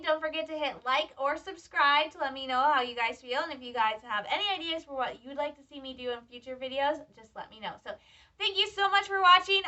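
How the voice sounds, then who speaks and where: High, bright young woman vlogger, eager and chatty, mic a bit distant and dull. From Michigan. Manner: excitable, chatty fan talk. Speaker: vlogger, student. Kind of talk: casual reaction vlog. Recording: slightly distant, dull lo-fi sound.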